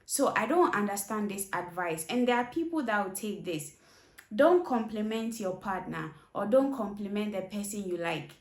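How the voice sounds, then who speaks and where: A woman's voice: medium pitch, lively intonation, normal speed, echoey room. A woman host reacting to clips in casual commentary, questioning and emphatic as she pushes back on advice.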